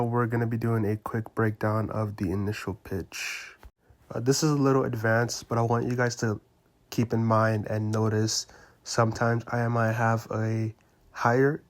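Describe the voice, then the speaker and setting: A man explaining a door-to-door sales pitch step by step, in a coaching tone, marking each step with a quick "boom.". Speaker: sales trainer. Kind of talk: instructional breakdown of a sales pitch.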